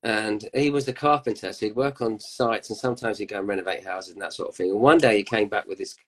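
A man, a musician guest telling anecdotes in a relaxed, chatty way. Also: fairly low pitch, fast, poor audio. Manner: chatty storyteller, laughs often. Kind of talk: casual chat.

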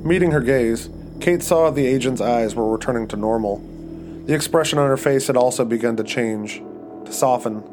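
Podcast host narrating horror fiction, measured and even, mid-range male voice. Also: medium pitch, music in the background. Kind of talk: scripted narration of a horror story.

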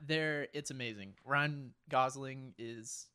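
A young man co-hosting a podcast, chatting casually with wry jokes and quick asides. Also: medium pitch, bright, forceful tone, smooth. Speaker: podcast co-host. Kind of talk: casual chat.

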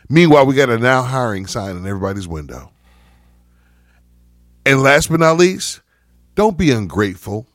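A man's voice: mid-range voice, very animated, moderate pace, long pauses, no room sound, studio quality. Fired-up man ranting emphatically. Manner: heated, emphatic ranting with profanity. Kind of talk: casual panel chat.

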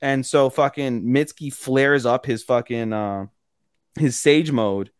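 A man co-hosting a podcast in casual chat, recapping plots with lively retellings and plenty of swearing. His voice sits at an ordinary middle pitch. The sound is close and dry, with no room echo. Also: unhurried, clear, resonant tone. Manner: animated retelling, acting out characters' lines with profanity. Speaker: podcast co-host.

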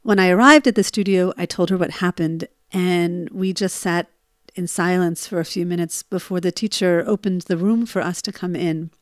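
A woman's voice: lowish voice, fairly even intonation, moderate pace, no room sound, clean studio sound. A woman in her forties telling a personal story, reliving her panic with emotional bursts.

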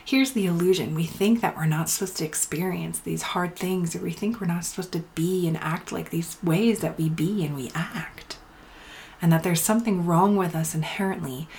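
A woman in her thirties hosting a spiritual healing podcast, talking softly and often dropping to a whisper, with blunt swearing mixed in. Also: fairly low pitch, moderate pace, a little hiss or hum. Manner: soft, breathy delivery slipping into whispers, blunt swearing. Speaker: podcast host and healing coach. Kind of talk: intimate spiritual podcast talk.

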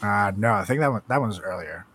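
A man's voice: lowish voice, expressive, fast talker, fairly bright tone, a little hiss or hum. A man hosting a casual podcast chat, joking and swearing, laughing often. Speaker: podcast host.

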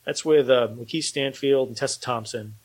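A man's voice: mid-range voice, moderate pace, poor audio. A man hosting a casual talk show, rambling enthusiastically with many restarts. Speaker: podcast host and filmmaker. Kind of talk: casual chat.

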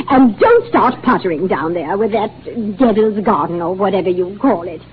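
An actress playing a domineering, scolding wife in a 1940s radio drama, on a tinny old broadcast. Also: female voice, mid-range voice, very animated, moderate pace, slight background noise, lightly acted. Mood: nagging. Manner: scolding, commanding, belittling. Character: domineering bossy middle-aged wife.

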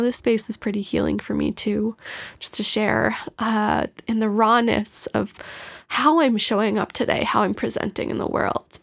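A woman health coach hosting a casual personal podcast, talking candidly and emotionally with a soft, reflective delivery and frequent laughs. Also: a little high, vocal fry. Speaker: podcast host.

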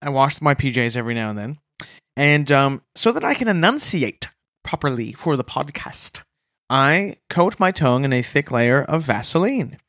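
Goofy, animated male podcast co-host. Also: medium pitch, moderate pace, no echo, clean studio sound. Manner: playful, goofy, mock-earnest. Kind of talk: improvised comedy banter.

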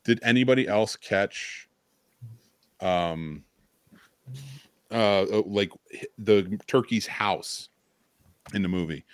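A man's voice: lowish voice, slow pace, pauses often, clear, resonant tone, dry recording, clean studio sound. A man in casual group chat, telling anecdotes with casual swearing. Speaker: podcast panelist.

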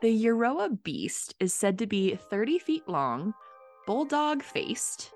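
A woman's voice: mid-range voice, big pitch swings, unhurried, darkish tone, soft background music. A woman co-hosting a casual podcast, playful and giggly as she talks. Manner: playful, giggly, swooping intonation. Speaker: podcast co-host.

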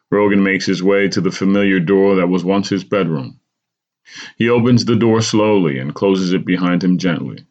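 A man hosting a podcast, narrating a dramatic story in a measured storytelling voice, on a slightly dull recording. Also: sits low. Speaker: podcast host.

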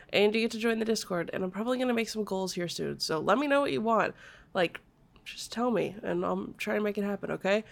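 Stuffy-nosed woman host, chatty and upbeat, giggles a lot. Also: mid-range voice. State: congested, nasal from a cold. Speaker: podcast host. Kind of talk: casual podcast interview.

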